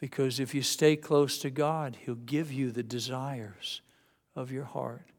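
A man's voice: mid-range voice, fairly even intonation, a little slow, in a large hall. A male pastor preaching a sermon in a conversational, folksy way, often restarting his sentences. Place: church sanctuary.

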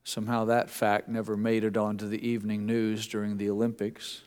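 A man's voice: on the low side, monotone, brisk, darkish tone, smooth, in a large hall. A man preaching a sermon as pastor, talking in a conversational way with restarts and repeated words.

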